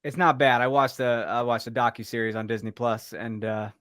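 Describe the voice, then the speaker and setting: A man's voice: mid-range voice, little pitch movement, a little fast, fairly bright tone, no echo, studio quality. A young man co-hosting a casual sports podcast, joking and teasing his co-host in a playful way.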